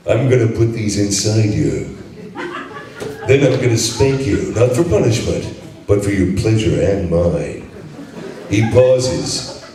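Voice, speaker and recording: An actor voicing a brash, cocky male action hero with a deep, gravelly drawl at a live convention panel, heard from far off in an echoey hall.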